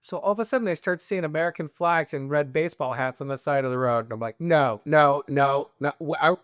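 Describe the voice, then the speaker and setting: A man's voice: on the high side, fast talker, smooth, dry recording, clean studio sound. A young man telling a long anecdote in casual chat, quoting people in voices. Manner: animated anecdote-teller, quoting others in voices. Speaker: guest.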